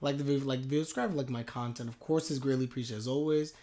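A man streaming a live anime reaction, talking in an excitable, animated way. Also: mid-range voice, very fast.

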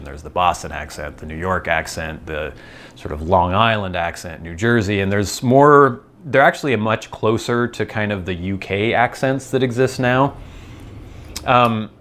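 A man with a General American accent, his voice sitting fairly low. He talks in a loose, rambling way, thinking aloud and explaining as he goes. It sounds like a relaxed solo vlog. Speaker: vlogger. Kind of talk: casual rambling monologue.

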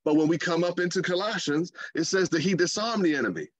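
A man preaching a sermon in a lively, conversational way, with playful asides. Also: sits high, fast talker, dry recording.

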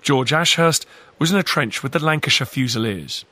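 A man narrating a documentary in a measured, solemn scripted read. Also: mid-range voice, expressive, bright, forceful tone, no echo.

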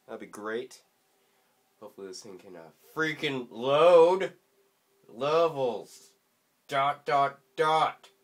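A young man rambling through let's play commentary, self-mocking with sudden excited yelps, his voice slightly stuffy from allergies. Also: mid-range voice. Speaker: gaming YouTuber.

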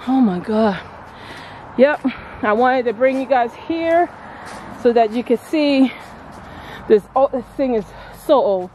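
A woman vlogging outdoors at an old stone landmark, chatting excitedly to her viewers on a handheld phone camera. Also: on the high side, takes it slowly, pauses often, a little hiss or hum. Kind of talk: casual vlog narration. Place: outdoors at a historic stone furnace.

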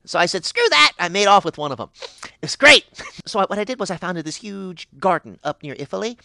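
Man playing an ancient pixie, manic, rambling, bright, very animated pitch, dry recording. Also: fairly quick, vocal fry, dry recording, heavily acted. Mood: giddy rambling. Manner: rambling, giddy, sudden high squeals. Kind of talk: character monologue for fan animation.

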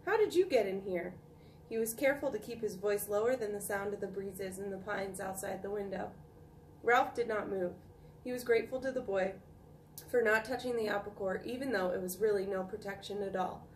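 A woman's voice: medium pitch, fairly quick. Lady teacher reading to kids, far from the mic, roomy echo, a little hiss. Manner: calm, expressive storytelling. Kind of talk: reading a children's book aloud. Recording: echoey room, distant mic, faint noise.

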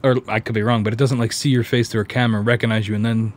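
A man in casual podcast conversation, relaxed, often hedging with "like" and "you know". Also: on the low side, rapid-fire. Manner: relaxed, laughs while retelling, hedges with "like". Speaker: podcast co-host.

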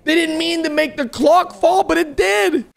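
A young man hosting a reaction video, excitable and loud, often laughing and shouting as he comments. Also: extremely high pitch, moderate pace, vocal fry. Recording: music playing underneath.

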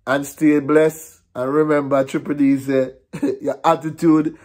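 A man's voice: a little high, little pitch movement, a little slow, a little mellow. A Jamaican man ranting on his vlog, frustrated and repetitive, slipping between patois and English. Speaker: vlogger.

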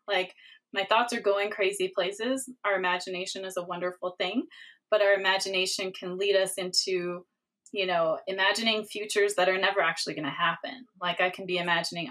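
A woman hosting a podcast interview who talks in a casual, animated way, laughs often, and acts out her own inner thoughts. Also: mid-range voice, normal speed. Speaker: podcast host, doctor.

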